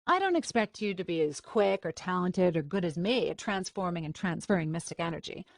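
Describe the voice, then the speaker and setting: A woman's voice: fairly low pitch, animated, a little fast, creaky, no room sound, clean studio sound. A woman voicing a confident young female mentor who teaches magic with bossy, teasing remarks. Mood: instructive.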